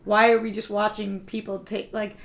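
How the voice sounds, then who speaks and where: A woman co-hosting a casual podcast chat, talking fast with lots of fillers and bursts of excitement. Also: medium pitch, creaky. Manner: chatty, filler-heavy, gushes with excitement. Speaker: guest co-host.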